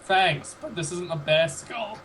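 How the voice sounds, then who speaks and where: A man playing a tabletop game, loud, profane and exasperated in his banter. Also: high-pitched, measured pace, distant mic, slight background noise. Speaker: player.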